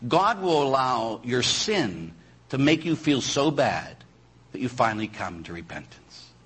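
Husky, animated priest preaching a sermon. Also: male voice, medium pitch, unhurried, low-quality recording. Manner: animated, peppered with rhetorical questions and "huh?". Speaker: Catholic priest.

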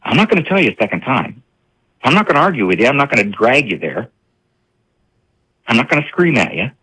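Man in his sixties, radio interview guest, husky voice, very lively pitch, animated storyteller. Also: fairly quick, rough recording. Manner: animated storyteller, acting out parents and kids. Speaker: parenting psychologist and author.

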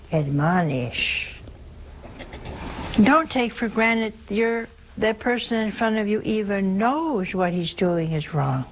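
A woman's voice: lowish voice, slight background noise, poor audio. A woman giving a folksy religious talk, telling stories and asking rhetorical questions. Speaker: religious speaker. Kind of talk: sermon-style talk.

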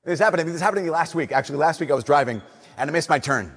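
A young man, a Catholic priest, giving an earnest, conversational homily that drops to soft emphasis. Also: fairly high pitch, rapid-fire, breathy edge. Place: church. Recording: long church reverb.

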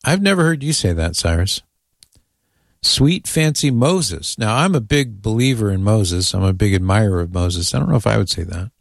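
A man hosts a radio talk show, chatting with easy amusement as he reads out listener emails. His voice sits on the lower side, and the studio sound is dry and close. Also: expressive, fairly quick, gravelly, few pauses, no room sound.

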